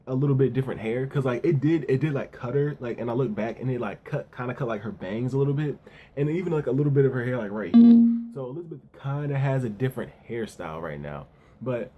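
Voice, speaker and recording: Give me a relaxed man recapping a manga chapter in loose, slangy talk. His voice is mellow and warm, pitched in the middle, and he keeps tossing in "yo" and "you know what I'm saying.". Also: a little hiss or hum. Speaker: anime and manga reviewer. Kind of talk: casual chapter review.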